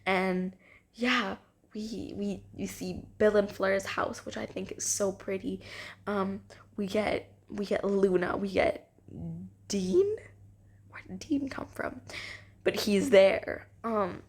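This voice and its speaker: A woman's voice: medium pitch, level tone, slow pace, a little mellow. A young woman vlogging, gushing and rambling with many fillers as she ranks her favorite books. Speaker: book vlogger. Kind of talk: casual enthusiastic book ranking.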